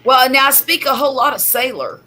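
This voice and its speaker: A woman's voice: sits high, brisk, bright, forceful tone, a little hiss or hum, poor audio. A woman, hosting a chatty livestream from home and laughing often. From US Gulf Coast. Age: 50s. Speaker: livestream host. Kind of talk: casual livestream chat.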